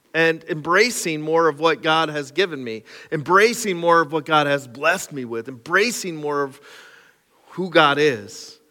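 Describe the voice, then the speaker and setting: A man's voice: a little high, sharp tone. A man preaching a sermon to his congregation, conversational and self-deprecating, with casual asides. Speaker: pastor. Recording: live sermon with long hall reverb and faint music.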